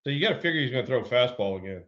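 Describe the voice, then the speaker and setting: A man telling a story in casual chat, animated, repeating words and acting out quotes. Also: mid-range voice, racing, highs cut off. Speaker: co-host, former ballplayer.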